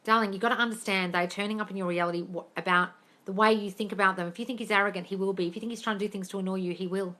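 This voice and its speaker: Bright-voiced woman, live-stream host, blunt and sweary, scolds her viewers. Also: medium pitch, steady tone, racing. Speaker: host answering live chat questions.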